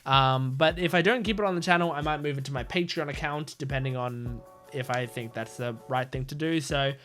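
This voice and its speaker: A young man on a headset mic hosting an anime reaction video, talking casually and hesitantly with many pauses and restarts. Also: medium pitch, fairly bright tone, soft background music. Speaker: anime reaction channel host.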